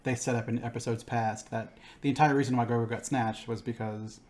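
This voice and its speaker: A man co-hosting a casual chat, animated, acting out quotes as he goes. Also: mid-range voice, brisk. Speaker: podcast co-host.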